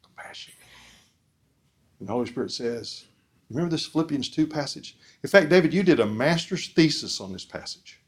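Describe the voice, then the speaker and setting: A man giving an earnest preaching talk at a forum, asking the audience questions and swinging between loud emphasis and soft, quiet lines. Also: fairly high pitch, lively intonation, normal speed. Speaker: speaker at a discipleship forum.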